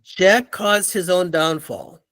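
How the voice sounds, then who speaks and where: An older man, a guest in an interview, telling animated stories and acting out the people in them. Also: high voice, slow pace. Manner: animated storyteller, acts out quoted voices. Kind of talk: storytelling in an interview.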